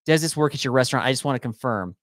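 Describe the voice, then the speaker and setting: A man's voice: medium pitch, animated, racing, fairly bright tone, no echo, clean studio sound. A man co-hosting a podcast, chatting casually and teasing his co-host with wry reactions.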